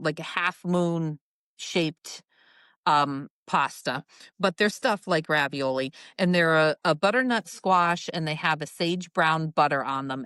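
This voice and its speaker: A woman's voice: low-pitched, fairly bright tone, smooth, no echo, clean studio sound. A woman co-hosting a podcast, chatting casually, laughing easily and giving friendly advice. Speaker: podcast co-host. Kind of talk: casual chat.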